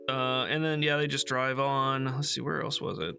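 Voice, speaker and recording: A man's voice: mid-range voice, little pitch movement, normal speed, vocal fry, music in the background. A man hosting a casual book club livestream, recapping chapters in a chatty, amused way with frequent ums and restarts.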